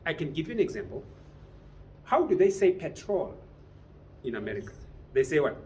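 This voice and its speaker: A man's voice: on the high side, sing-song, moderate pace, darkish tone. A man teaching a business writing class, lecturing and often putting questions to his students. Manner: quizzes the class with frequent questions. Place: training room with a class.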